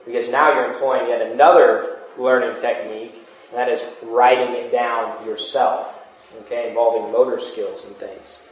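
A man's voice: medium pitch, a bit bright, reverberant, rough recording. A man preaching a sermon in a conversational teaching manner, with asides and restarts.

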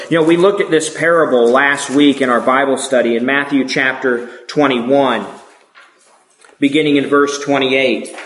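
A man's voice: mid-range voice, fairly bright tone. A man preaching a sermon, emphatic and asking his listeners rhetorical questions. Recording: echoey room.

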